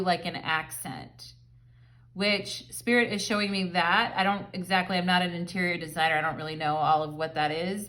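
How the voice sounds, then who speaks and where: A woman's voice: lowish voice, fairly bright tone. Woman doing a tarot reading at home, chatty and rambly, lots of likes and ums. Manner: chatty, rambling, filler-heavy. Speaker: tarot reader. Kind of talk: casual pick-a-card tarot reading.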